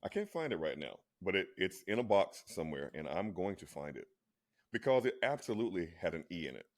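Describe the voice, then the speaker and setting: A man with a very low voice talks in a casual chat. He argues his point insistently and often restarts or repeats his words. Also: brisk. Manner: insistent, animated when arguing. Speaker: co-host.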